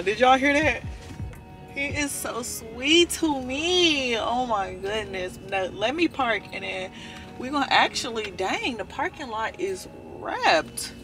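A young woman and mother of four, vlogging casually from her car and talking straight to her viewers with lively emphasis. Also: medium pitch. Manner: animated and emphatic, addresses viewers as y'all. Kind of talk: casual chatty vlog talk.

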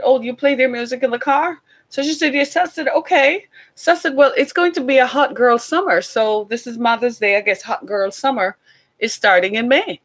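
A woman in her forties giving a sermon-style talk, telling a family story with animated acted-out dialogue. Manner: animated storytelling, acting out quoted dialogue in a higher voice. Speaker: speaker addressing a congregation.

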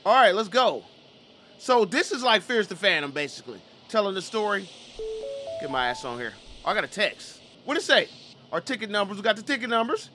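A man's voice: sits high, big pitch swings, brisk, sharp tone, faint music behind. A man doing casual let's-play commentary, slangy and joking, reading game text aloud and riffing on it with plenty of swearing. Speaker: gaming YouTuber.

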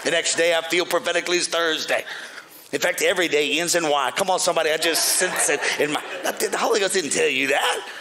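Preaching at a fairly high pitch and fairly quick pace, this pastor mixes jokes into his sermon. He alternates between shouting praise and murmuring dry asides to the congregation.

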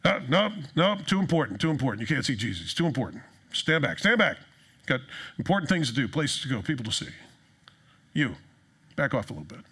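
A man's voice: medium pitch, very animated, fairly quick, fairly bright tone, slightly rough, heavily acted. A preacher putting on the voices of grumbling, impatient male disciples who brush people off. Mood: dismissive. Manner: whiny, dismissive.

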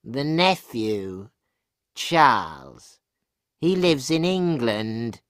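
A sly English spy from a storybook audiobook, voiced by a man. He drawls slow, probing questions with a lively rise and fall. The sound is dry and close. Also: medium pitch, no echo. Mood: prying.

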